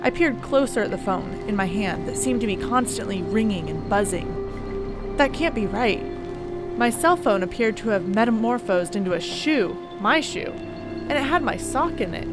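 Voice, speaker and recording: A woman's voice: mid-range voice, lively intonation, normal speed, natural voice. A woman voicing a middle-aged male counselor, narrating a horror story in first person with a dry, sardonic edge over background music. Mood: shaken.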